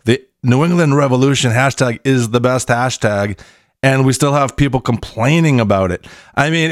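A man hosting a soccer podcast in a comedic rant, sarcastic, swinging between shouted lines and muttered asides. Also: mid-range voice, no room sound, studio quality.

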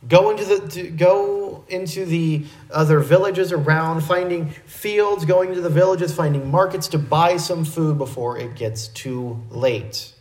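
A male pastor giving an expository sermon in a measured, explanatory teaching manner. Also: fairly high pitch, a little mellow, reverberant, low-quality recording.

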